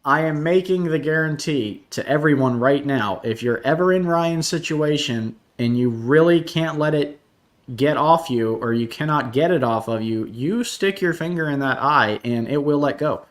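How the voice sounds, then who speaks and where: A man's voice: fairly high pitch, normal speed. A man in casual podcast chat, teasing and arguing his point.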